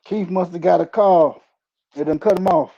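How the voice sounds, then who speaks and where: Host guy chatting, gravelly mellow voice, kinda far away, dull lo-fi sound. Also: sits high, moderate pace. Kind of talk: casual chat.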